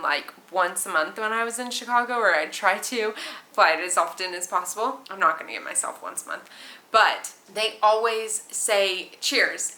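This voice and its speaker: A woman's voice: mid-range voice, pushed and bright. A young American woman from California with a valley girl accent, chatting casually to camera from a small hotel room, full of likes and oh my goshes. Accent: Southern California valley girl. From California, USA. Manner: chatty, fast-flowing, many likes and oh my goshes. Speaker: flight attendant vlogger. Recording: echoey room.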